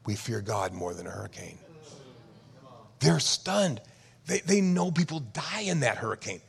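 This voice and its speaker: Gravelly preacher in an echoing hall. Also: male voice, mid-range voice, very animated, unhurried. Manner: dramatic swings from loud to hushed, acts out quoted voices. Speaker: pastor. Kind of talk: sermon. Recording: reverberant church hall.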